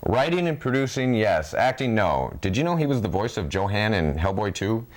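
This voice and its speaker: A man's voice: lowish voice, big pitch swings, normal speed. A man co-hosting in a dry, matter-of-fact scripted manner. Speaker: co-host. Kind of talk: scripted show banter.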